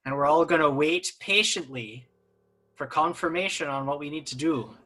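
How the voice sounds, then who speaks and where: A man playing a tabletop game, speaking in character in a firm, measured way. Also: fairly high pitch, pushed and bright. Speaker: player.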